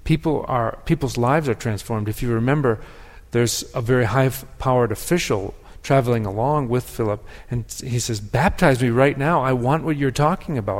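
Guy preaching a reflective sermon, mid-pitched voice, long echo like a church hall. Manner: reflective, measured preaching with pauses and restarts. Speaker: pastor.

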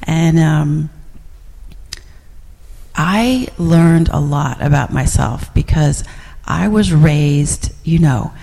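A woman's voice: low voice, extremely slow, creaky, warm tone, husky, long reverb tail. A middle-aged woman sharing reflections in a class, rambling with many fillers and restarts. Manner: rambling, full of fillers and restarts, laughs often. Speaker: class participant.

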